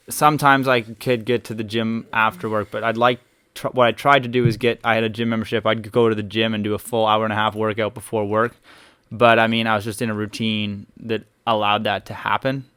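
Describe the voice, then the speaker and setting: A man's voice: lowish voice, flat delivery, a little fast, pushed and bright, clear, resonant tone. A young man co-hosting a casual podcast, talking eagerly and rambling, with lots of "like". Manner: enthusiastic, rambling, uses "like" often. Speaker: podcast co-host. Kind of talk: casual chat.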